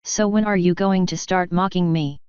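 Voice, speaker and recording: A woman's voice: on the low side, fairly even intonation, normal speed, a little mellow, clean tone, no room sound, lo-fi sound, lightly acted. A woman voicing a grumpy, proud male fire elemental who talks in a huffy, growling way. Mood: gruff.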